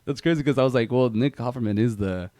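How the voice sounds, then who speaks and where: A man co-hosting a movie podcast, chatting casually and telling animated stories. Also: medium pitch, fast, dry recording. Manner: animated storyteller, loud impressions in anecdotes. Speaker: podcast co-host. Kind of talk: casual chat.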